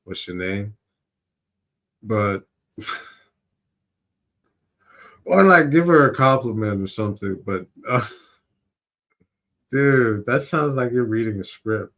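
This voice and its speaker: A man hosting a stream, reacting casually with slang, frequent laughter and quick apologies for cursing. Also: medium pitch, lively intonation, a bit bright. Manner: laughs often, slangy, curses then apologizes. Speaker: streamer host.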